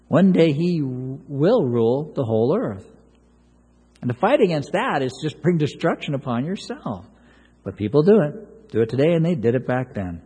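A man's voice: medium pitch, mellow, slightly rough, in a large hall. A man preaching a sermon verse by verse, earnest, often repeating words and acting out the pleas he quotes. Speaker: pastor.

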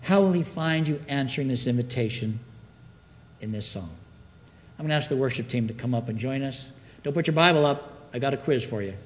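A man's voice: medium pitch, fairly quick, long reverb tail, a little hiss or hum. A man preaching a sermon to a congregation, reading scripture and asking the room call-and-response questions. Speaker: pastor. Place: church sanctuary.

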